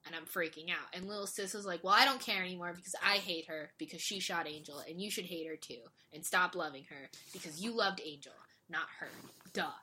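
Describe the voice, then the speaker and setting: A woman casually recapping a drama series, animated and quick, acting out the characters' lines. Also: fairly low pitch. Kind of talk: casual chat.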